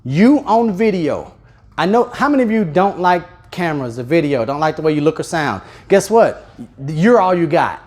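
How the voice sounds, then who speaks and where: A man leading a live sales seminar in a training room, addressing the audience with questions and deliberately speeding up, slowing down, and shifting his volume. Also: a little high. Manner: energetic, speeds up and slows down, louder and softer on purpose. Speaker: real estate sales trainer.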